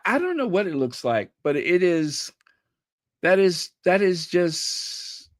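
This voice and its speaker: A man hosting a casual live stream, commenting in an animated, incredulous, rambling way and thanking viewers for chats. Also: on the high side, no room sound, clean studio sound. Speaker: channel host reading viewer chats.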